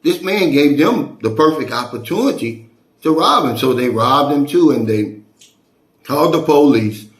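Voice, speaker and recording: Man, casual vlog storytelling, chatty, animated, echoey room sound. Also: a little high, moderate pace. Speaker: vlogger.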